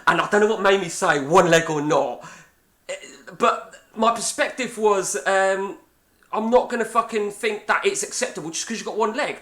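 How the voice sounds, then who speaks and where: English bloke in his 40s, bright edgy voice, a bit high, rambling and swearing while he plays a game. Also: moderate pace. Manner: animated, swearing, rambling storyteller. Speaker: gaming channel host. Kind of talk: casual chat over a game session.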